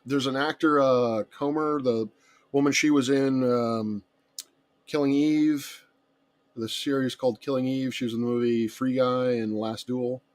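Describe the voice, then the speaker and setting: A man's voice: mid-range voice, steady tone, measured pace. A man with a muddled Southern American accent, a guest in a casual chat who rambles with many fillers. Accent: mixed Southern American. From Southern United States.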